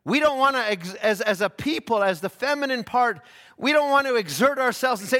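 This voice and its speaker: A man's voice: extremely high pitch, animated, fairly quick, pushed and bright, long reverb tail. A man preaching a sermon in a fervent way, often stumbling over restarts and repeated words.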